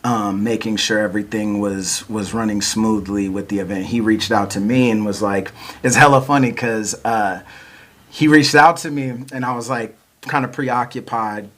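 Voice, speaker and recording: A man's voice: on the low side, fairly even intonation, moderate pace, a bit bright. Laid-back man telling a story. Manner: laid-back, chuckles often, many fillers like "like" and "you know". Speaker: podcast host and battle rapper. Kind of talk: casual storytelling chat.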